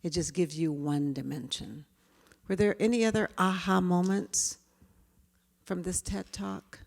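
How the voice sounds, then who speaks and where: Lively woman presenter in a hall. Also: on the low side, unhurried, creaky. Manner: lively, engaging the audience. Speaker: workshop presenter. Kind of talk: interactive talk. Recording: hall reverb.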